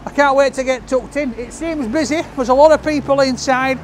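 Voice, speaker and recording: A man's voice: very high-pitched, fairly quick, a little hiss or hum. A middle-aged man with a Yorkshire accent, chatting casually as he reviews a takeaway, jokey and friendly. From Sheffield, England. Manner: chatty and jokey, calls people love. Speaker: food reviewer. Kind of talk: casual food vlog. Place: takeaway shop and street outside.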